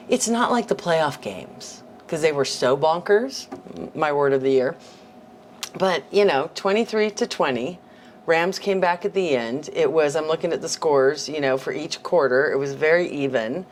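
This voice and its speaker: A woman's voice: deep voice, expressive, normal speed, slight background noise. A woman from Washington State hosting a casual sports podcast, chatty and laughing often. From Spokane, Washington, USA. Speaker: podcast host.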